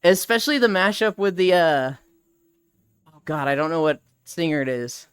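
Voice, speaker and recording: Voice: medium pitch, expressive, moderate pace, fairly bright tone, clean tone, dry recording. A streamer chatting casually and rambling with live viewers, laughing often and swearing freely. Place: outdoors walking.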